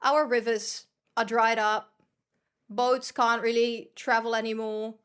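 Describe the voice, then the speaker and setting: A woman's voice: fairly high pitch, flat delivery, slow pace, fairly bright tone, clear, resonant tone. A young woman from the Netherlands, chatting and swearing casually to viewers while commentating her gameplay. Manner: chatty, swears freely, self-deprecating, rambles to viewers. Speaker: streamer.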